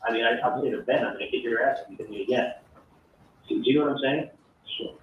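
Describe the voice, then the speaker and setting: A man's voice: mid-range voice, fairly even intonation, fast. A man rambling in a recorded conversation, repeating himself with lots of fillers. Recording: tinny distant phone tap, roomy, faint hiss.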